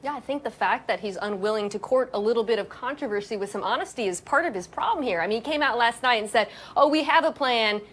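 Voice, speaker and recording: A woman co-hosts a sports talk show in a high voice. She lays out her points clearly and slips in wry, dry jokes as she goes. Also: expressive, fast, few pauses, a bit bright. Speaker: co-host.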